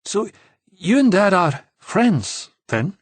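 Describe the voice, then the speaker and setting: A man's voice: sing-song, slow, dry recording, heavily acted. A man voicing an eager, curious teenage girl in a storybook reading. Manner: high, eager and chatty.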